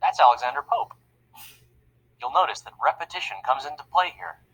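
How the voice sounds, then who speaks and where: An upbeat, chatty young cartoon explainer, walking kids through a topic in plain words. His voice swings up and down a lot, bright and a bit husky at the edges, and it stays friendly throughout. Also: medium pitch, very animated, a little fast, dull audio. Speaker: narrator of an educational cartoon. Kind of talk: scripted educational narration.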